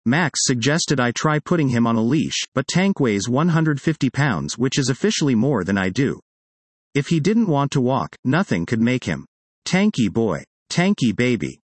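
A man reads his personal essay aloud in a wry, conversational way. His mid-pitched voice rises and falls a lot. The recording is dry and close. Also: no room sound. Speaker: author reading his essay.

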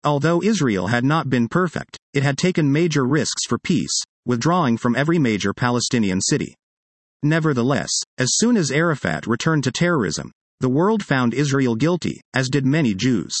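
Middle-aged male professor-author, earnest measured essay read with deliberate pauses; animated intonation, dry recording. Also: mid-range voice, no room sound. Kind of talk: reading a personal essay aloud.

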